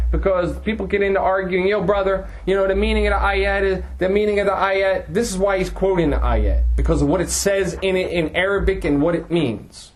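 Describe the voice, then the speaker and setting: A man's voice: sits high, poor audio. A man teaching a class, reading passages aloud and then translating and explaining them phrase by phrase, with frequent restarts. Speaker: teacher explaining a religious text. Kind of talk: classroom lecture.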